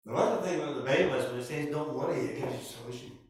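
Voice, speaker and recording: A man preaching a sermon and acting out Bible stories in lively voices. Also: mid-range voice, rapid-fire, heavy reverb, recorded from a distance. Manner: animated storytelling, acting out Bible characters. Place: church hall.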